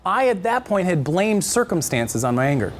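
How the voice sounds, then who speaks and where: A middle-aged male counselor lecturing a church marriage class with a fairly high voice. His pitch swings widely as he jokes and acts out little voices, and a faint hiss sits behind him. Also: moderate pace. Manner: animated and joking, acts out quotes in voices. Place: church classroom with a live group.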